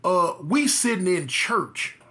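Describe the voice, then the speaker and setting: Animated man telling a comic story. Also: high voice, takes it slowly. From Los Angeles, US. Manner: animated, acts out voices, exaggerated.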